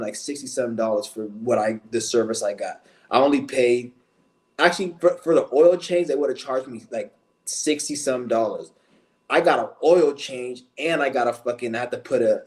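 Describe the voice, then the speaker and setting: A man's voice: medium pitch, a little mellow. A man talking to camera in a blunt, heated rant full of profanity. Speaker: vlogger.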